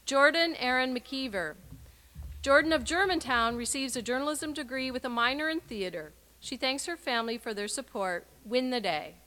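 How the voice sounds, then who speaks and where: A woman with a bright, forceful voice pitched a little high reads out names and short messages at a graduation ceremony. Her delivery is clear and measured, with emphatic sign-offs.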